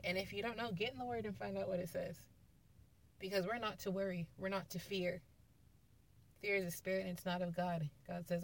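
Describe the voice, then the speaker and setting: A woman giving a casual, conversational sermon, retelling scripture stories with emphatic quoted lines. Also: lowish voice. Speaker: preacher.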